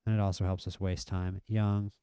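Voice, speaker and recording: A man live-streaming a football management game, chatting through the match and getting excited at near misses and goals. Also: sits low, moderate pace, smooth, no room sound, clean studio sound. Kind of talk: live gameplay commentary.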